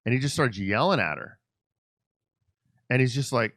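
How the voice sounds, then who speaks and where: Animated male podcast host, dry sound. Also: mid-range voice, moderate pace, dry recording. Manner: animated storyteller who acts out quoted dialogue. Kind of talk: conversational interview storytelling. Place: Los Angeles.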